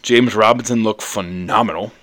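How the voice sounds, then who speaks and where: A man co-hosting a casual sports podcast, animated and jokey, wandering off on tangents. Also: on the low side, moderate pace, no room sound. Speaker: podcast co-host.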